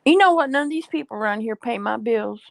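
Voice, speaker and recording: A woman's voice: fairly high pitch, fast, vocal fry, no room sound. Playful woman telling stories, dry sound. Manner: animated storyteller, playful. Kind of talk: casual chat among friends.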